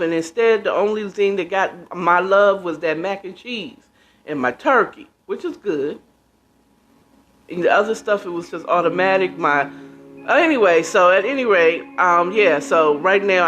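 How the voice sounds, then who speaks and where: Woman, fifties, podcast host, venting and profane, weary, casual livestream talk. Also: fairly low pitch. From United States. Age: 50s. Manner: venting, profane, tired and emotional.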